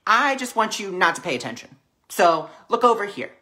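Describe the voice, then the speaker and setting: A woman's voice: medium pitch, big pitch swings, normal speed, pushed and bright, voice pushed up. A woman voicing the ego as a pushy inner voice that demands attention. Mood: insistent.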